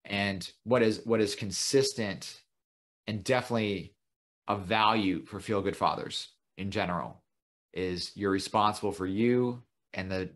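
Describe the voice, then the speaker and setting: A man hosting a podcast, chatting casually and praising his guest with enthusiasm. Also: deep voice. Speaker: podcast host. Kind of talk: casual interview talk.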